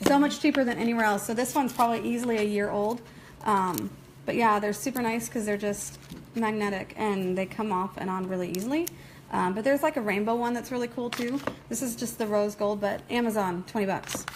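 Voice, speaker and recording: A woman giving a casual live nail-art tutorial, chatty and quick to laugh, often checking in with "okay?" as she works. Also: medium pitch, slight background noise, rough recording. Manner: chatty, laughs easily, reads viewer comments aloud. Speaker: nail technician teaching a live demo.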